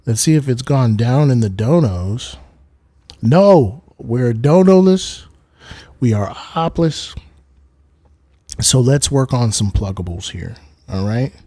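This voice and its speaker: Husky mellow-voiced man. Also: medium pitch, dry recording. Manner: goofy, rambling, repeats bits, does mock accents. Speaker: livestream host. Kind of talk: casual livestream chat.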